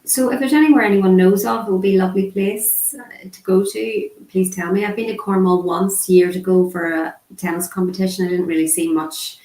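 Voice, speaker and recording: A woman voicing a casual online sign language lesson, chatty and unhurried, with frequent ums. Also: medium pitch, steady tone, a little mellow. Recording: echoey room.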